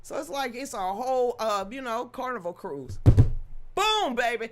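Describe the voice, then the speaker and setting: A woman's voice: fairly high pitch, very animated, moderate pace, noisy background. A woman hosting a livestream, chatting casually and joking with her viewers, with laughing asides. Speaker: livestream host.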